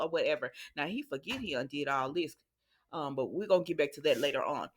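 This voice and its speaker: A woman's voice: low voice, animated, quick pace. A woman hosting a casual soap opera recap, talking straight to her viewers in a chatty, sassy way.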